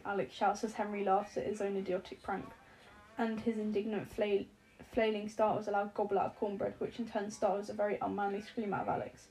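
A woman's voice: mid-range voice, little pitch movement, fairly quick, darkish tone, rough recording. A woman narrating an audiobook with a wry, lightly comic delivery. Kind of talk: scripted narration.

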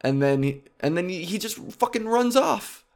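Male comedian, loose profane solo riffing, rambling and animated. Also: sits high, normal speed. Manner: rambling, animated, profane, jumps between topics. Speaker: comedian podcast host. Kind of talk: casual comedic monologue.

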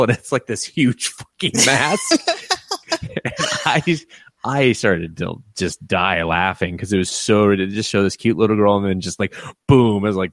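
Deep-voiced man, laughing anime podcast chat. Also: no room sound. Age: adult with a young son. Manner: profane, laughing, acts out scenes in quoted voices. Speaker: podcast co-host. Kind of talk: casual anime review chat.

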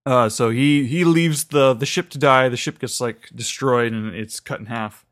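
A man's voice: medium pitch, normal speed, fairly bright tone. Chatty man recapping an episode. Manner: rambling retelling with many fillers and restarts. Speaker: podcast co-host. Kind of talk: casual recap chat.

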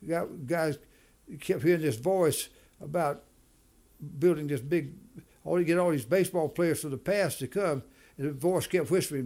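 A man's voice: a little high, moderate pace, warm tone. Emphatic man with a raised voice. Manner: repeats words and restarts often, emphatic. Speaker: guest, business leader. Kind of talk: conversational interview.

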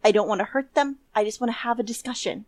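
Young woman podcast cohost, chatty and animated, swears and laughs a lot, dry close mic. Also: on the high side, fast, no room sound. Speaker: podcast co-host. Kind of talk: casual chat recapping a TV episode.

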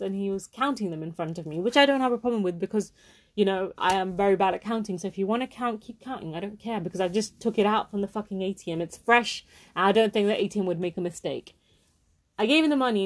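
A woman's voice: mid-range voice, fast talker. A woman, hosting a podcast and telling a heated personal story, swearing often and repeating herself for emphasis. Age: 20s. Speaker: podcast host. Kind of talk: angry personal rant.

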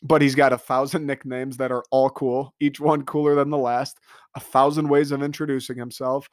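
A man's voice: mid-range voice, moderate pace, studio quality. Guy doing a sweary hyped-up comedy rant, no room echo at all. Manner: excitable, profane, riffing with mock quotes. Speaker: comedic commentator.

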